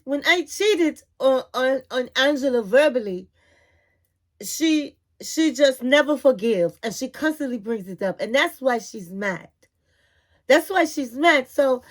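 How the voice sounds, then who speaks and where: A high-voiced woman vlogger retelling a show's drama in a chatty, gossipy way. She talks to her listener like a friend, tossing in a "honey" now and then. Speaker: reality TV recap vlogger. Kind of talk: casual recap chat.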